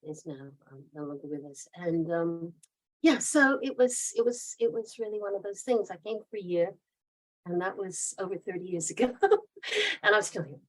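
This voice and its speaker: Speaking at normal speed in a lowish, expressive voice, a woman in her fifties is heard on a low-quality recording. Her mid-Atlantic accent mixes American and British traits. As a guest author in a laid-back interview, she tells stories in a rambling, talkative way and laughs a lot.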